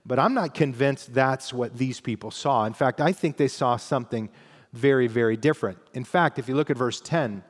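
A man's voice: medium pitch, normal speed, in a large hall. A man preaching a sermon as pastor, teaching in a conversational way and reading scripture aloud with emphasis.

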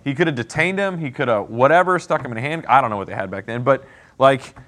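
A man's voice: mid-range voice, animated, fast, a bit bright. A man leading a Bible study, explaining the passage in a casual, conversational way and often checking in with "okay?" and "right?". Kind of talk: casual teaching with commentary.

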